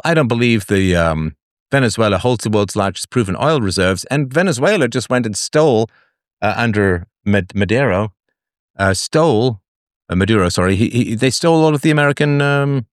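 A man from England with a lowish voice that moves a great deal in pitch. He hosts a call-in show and rambles in a casual way, full of fillers and restarts. The sound is dry and close. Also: no echo.

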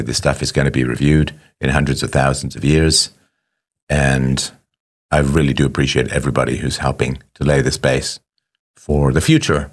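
A man's voice: extremely low pitch, husky. A middle-aged man hosting a show, talking casually to listeners in a rambling, wry way with self-mocking asides. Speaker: show host.

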